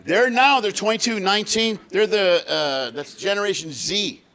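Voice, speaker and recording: High-energy stand-up comedian, a man. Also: normal speed. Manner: high-energy, shouting punchlines, acting out other people. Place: theater stage before a laughing audience.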